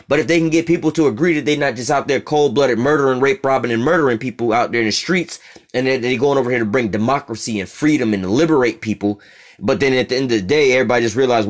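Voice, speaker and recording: A man's voice: medium pitch, fast. A man giving a street-style religious teaching, reading out a text and explaining it in blunt, profane language, often asking "you see what I'm saying?".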